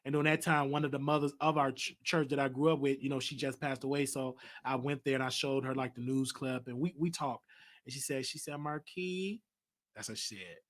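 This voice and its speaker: A man's voice: medium pitch, steady tone, fast talker. Candid man venting on his stream. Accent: Southern US. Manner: candid personal venting, many restarts. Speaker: show host. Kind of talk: livestream talk show monologue.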